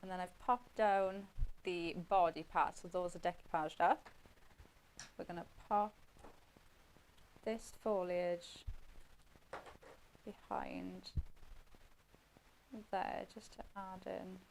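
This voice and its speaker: A woman's voice: fairly low pitch, steady tone, slow, creaky, long pauses, darkish tone, slight background noise, poor audio. A woman giving a chatty running commentary while demonstrating a craft on live TV.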